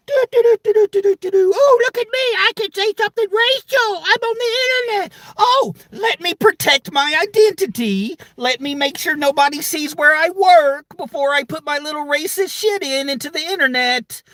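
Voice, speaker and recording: A man's voice: extremely high pitch, normal speed, hardly any pauses, bright, forceful tone, no echo, pitched above the performer's own voice. A man mimicking a whiny, sneering internet troll. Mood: mocking. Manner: mocking, singsong, whiny.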